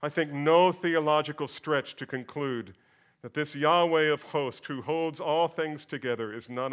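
A male pastor preaching a sermon, dropping to a hush and then booming out scripture, addressing his listeners as beloved. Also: measured pace, smooth. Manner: swings from hushed to booming when reciting scripture.

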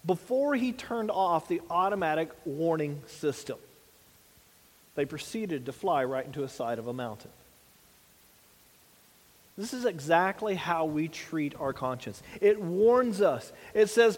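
Male pastor, high-pitched voice, casual sermon delivery, heavy hall reverb. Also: expressive, unhurried. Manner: conversational preaching with rhetorical questions.

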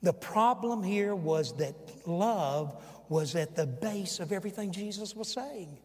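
An older male pastor in his sixties delivers a sermon in a high, ringing voice. He preaches with force, pushing his voice up when quoting and dropping it low and quiet for asides. His words trail off into the long reverb of a large sanctuary. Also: lively intonation, measured pace.

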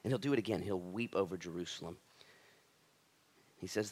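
A man preaching a sermon in a casual, conversational way, swinging between loud emphatic peaks and quiet, intense stretches. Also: sits low, fairly quick, pauses often, breathy edge. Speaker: pastor.

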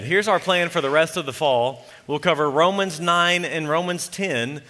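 A man preaching a sermon as pastor, earnest and emphatic, slowing down to read scripture solemnly. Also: on the high side, sharp tone. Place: church sanctuary. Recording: church sanctuary reverb.

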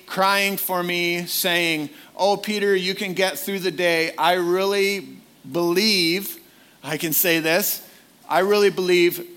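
A man's voice: a little high, bright, forceful tone, smooth. A man preaching a sermon in a conversational way, often putting direct questions to his listeners.

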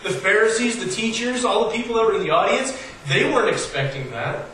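A man's voice: sits high, expressive, brisk, sharp tone. A man preaching in a very echoey hall. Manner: storytelling, conversational with rising emphasis. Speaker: pastor. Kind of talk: sermon. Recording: very echoey hall, voice from far off, faint noise.

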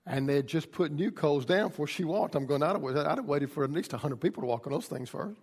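A male pastor delivers a sermon with a gravelly, slightly raised voice. He moves between quiet, conversational storytelling and loud, pleading climaxes. His words ring out in a hall with a long reverb. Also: on the high side, animated, quick pace. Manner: builds from quiet teaching to shouted pleading.

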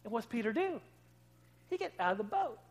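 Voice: medium pitch, very animated, brisk. Conversational preacher with big swings. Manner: conversational, rhetorical questions, swings loud to quiet. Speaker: pastor. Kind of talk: sermon.

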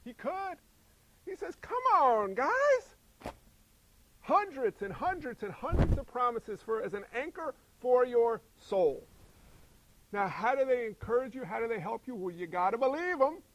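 A man preaching a sermon in a lively, conversational way, firing rhetorical questions and acting out quoted voices. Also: very high-pitched, normal speed, lo-fi sound, a little hiss or hum. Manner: acts out quoted voices in character. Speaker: pastor.

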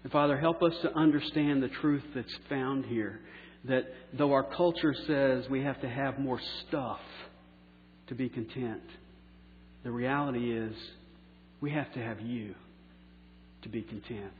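A pastor preaching a sermon, slowing down for key phrases and letting line endings trail off softly. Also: male voice, mid-range voice, a little hiss or hum. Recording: echoey hall on a tinny phone-like line.

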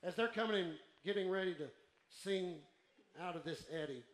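A man preaching a sermon to a congregation, calling out for responses and building to shouts. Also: sits high, normal speed, echoey room. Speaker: pastor. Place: church.

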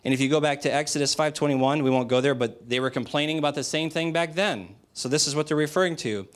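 A man's voice: on the high side, quick pace. A man preaching a sermon in a direct, emphatic, conversational way, asking the audience rhetorical questions. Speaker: pastor.

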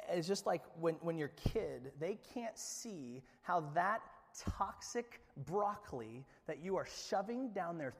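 Pastor, male, higher-pitched voice, lively live sermon, long church-hall reverb. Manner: animated, shifts from loud excitement to hushed earnestness. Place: church sanctuary.

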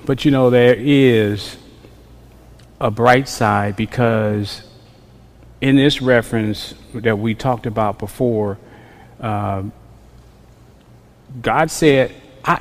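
A man preaching a sermon to a congregation, swinging from quiet musing to loud emphasis with repeated refrains. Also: mid-range voice. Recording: long reverb of a large hall.

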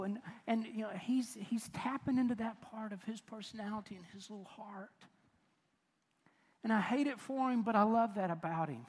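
An older man preaching a sermon, telling a family story in an animated, self-mocking way with chuckles. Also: very high voice, fairly quick. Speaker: pastor. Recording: long reverb of a large hall.

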